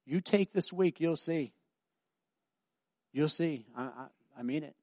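Emphatic preacher, dry close sound. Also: male voice, a little high, measured pace, a little mellow, dry recording. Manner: emphatic, repetitive, conversational storytelling. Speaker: pastor. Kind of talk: sermon.

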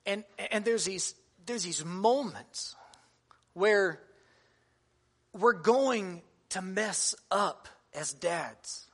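A man's voice: high voice, extremely slow, pauses often. A man in his thirties, a pastor giving a sermon to fathers, earnest and conversational with touches of humor.

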